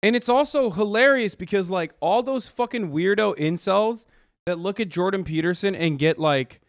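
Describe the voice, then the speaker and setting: A man reacts on stream in a loose, profane way, mocking and disbelieving. His voice sits a bit high and sounds dry and close, with little room around it. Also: normal speed, dry recording. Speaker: streamer host. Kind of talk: reaction commentary.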